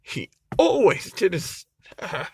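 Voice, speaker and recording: A man's voice: high voice, animated, slow, pushed and bright, no echo. A man vlogging, retelling a comic story in a rambling, emotional way, with frequent swearing and laughter. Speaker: YouTuber.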